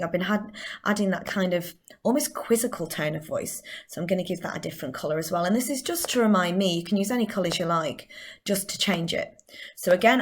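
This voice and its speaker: A woman's voice: on the low side, a little hiss or hum. A woman with a Northern English accent, a drama teacher giving a chatty recorded lesson and explaining step by step.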